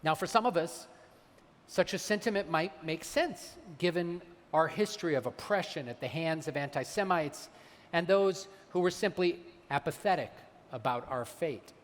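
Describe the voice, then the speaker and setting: Rabbi preaching in a reverberant sanctuary. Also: male voice, fairly high pitch, lively intonation. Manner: measured, slows for emphasis on quoted texts. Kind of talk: sermon. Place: large synagogue sanctuary. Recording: long hall reverb.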